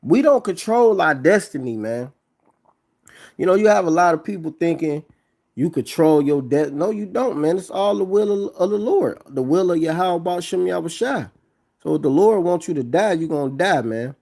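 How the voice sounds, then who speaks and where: A man pausing a video to preach, emphatic, reading scripture aloud in between. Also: on the high side, expressive, vocal fry, a little mellow. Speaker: religious commentator. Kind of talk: preaching commentary on a clip.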